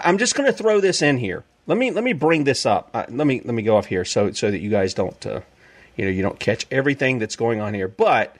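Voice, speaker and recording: A man hosting a radio show, talking through his announcements in a loose, rambling way. His voice sits at a middle pitch, and he laughs easily.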